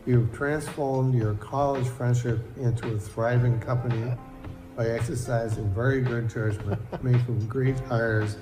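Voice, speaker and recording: A man giving formal, measured praise in a congratulations message. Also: mid-range voice, fairly even intonation, over music. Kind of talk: casual video message. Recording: echoey room.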